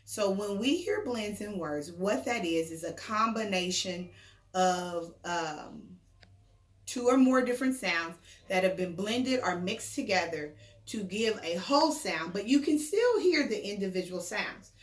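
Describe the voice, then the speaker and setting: A woman's voice: mid-range voice, lively intonation, echoey room. A woman teacher giving a remote phonics lesson to young children, patiently sounding out words and their individual sounds. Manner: patient, encouraging, sounds out phonemes slowly.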